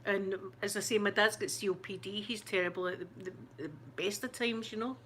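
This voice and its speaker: A Scottish woman chatting casually with her viewers, her voice shaken and close to tears. She talks haltingly, full of restarts and fillers, at a middling pitch for a woman. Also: steady tone, fairly bright tone, slight background noise. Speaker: ASMR channel host. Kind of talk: casual live chat.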